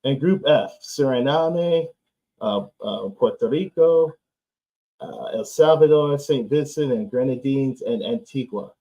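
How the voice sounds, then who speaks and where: A man's voice: mid-range voice, a little slow, warm tone, slight background noise. A man hosting a live football watchalong stream, talking loosely and sarcastically, swearing and laughing often. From United States. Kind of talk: casual live-stream chat. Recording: slightly dull, lo-fi stream audio.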